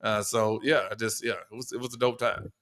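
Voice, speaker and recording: A man's voice: fairly low pitch, flat delivery, brisk, fairly bright tone, a little hiss or hum. A man co-hosting a podcast in casual chat, laughing often and playfully mimicking voices. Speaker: podcast co-host.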